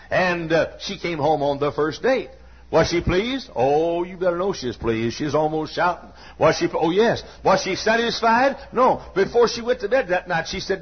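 Middle-aged male preacher, high husky voice, folksy and emphatic, sermon in a church. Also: lively intonation, normal speed, dull audio. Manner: folksy storytelling with sudden shouts. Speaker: pastor. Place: church sanctuary.

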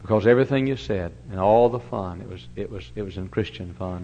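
An older man preaching a sermon in a church. He tells stories with big swings from loud to hushed. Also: lowish voice, a little fast. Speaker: pastor. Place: church sanctuary. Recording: dull, lo-fi church recording with faint hum.

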